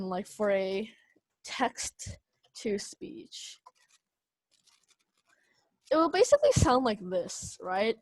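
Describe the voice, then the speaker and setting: A young woman leads a youth speech class on a video call, her voice a bit high and dry, close to the mic. She hedges constantly with fillers and little laughs as she explains things. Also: no room sound. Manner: hesitant, many ums and kind-ofs, laughs often. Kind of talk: online class teaching.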